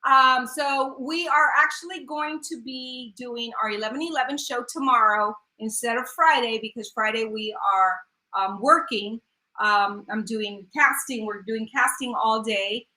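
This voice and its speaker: A woman co-hosting a casual bilingual chat show, bubbly and excitable, gushing with enthusiasm. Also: fairly high pitch, unhurried, reverberant. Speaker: co-host.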